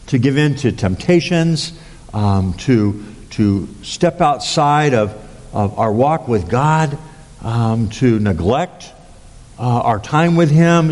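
A man preaching a sermon as a pastor, halting with many fillers and restarts. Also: darkish tone. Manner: acts out quoted lines with raised pitch. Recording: long hall reverb.

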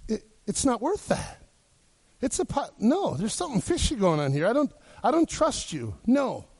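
A man's voice: very high-pitched, wildly swooping pitch, normal speed, a little mellow, breathy edge, exaggerated voice. A man voicing a suspicious, blunt farmer, scolding in a scornful tone. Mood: wary.

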